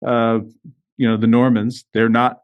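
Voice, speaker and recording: A man's voice: mid-range voice, completely flat delivery, unhurried, smooth, dull audio. A man co-hosting a casual history chat, thoughtful and scholarly, thinking aloud with hesitant restarts. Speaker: podcast co-host. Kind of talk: casual conversational discussion.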